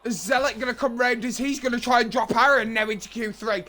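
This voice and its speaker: A young man doing excitable play-by-play commentary for an online racing league, building to shouts at close moments. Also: very high voice, fast. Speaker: race commentator.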